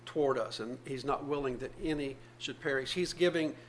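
A man's voice: medium pitch, fairly quick, slight background noise. A man, probably older, preaching a sermon, reading scripture aloud and explaining it earnestly with repeated phrases.

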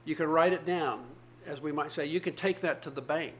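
A man's voice: on the high side, fairly quick, a bit bright, slight background noise. A man, probably older, preaching a sermon, reading scripture aloud and explaining it earnestly with repeated phrases.

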